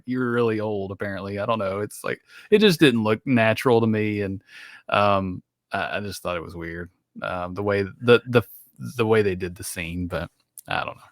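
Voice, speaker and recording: Lower-voiced man, chatty and giggly. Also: a bit bright, no echo, studio quality. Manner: chatty, laughs often, rambling. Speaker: podcast co-host. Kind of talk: casual chat.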